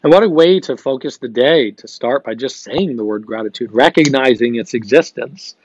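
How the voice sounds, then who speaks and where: A young adult man hosting a live gratitude show, talking in an energetic, upbeat coaching manner, reading viewer comments and repeating phrases for emphasis. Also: medium pitch, normal speed, slight background noise. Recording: dry, slightly dull stream audio.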